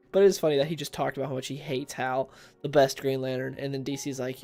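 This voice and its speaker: A man's voice: medium pitch, animated, moderate pace, a little mellow, faint music behind. A man hosting a casual livestream about comics, chatting with viewers and reading recaps aloud. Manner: chatty, reads chat and recaps aloud, laughs at own jokes.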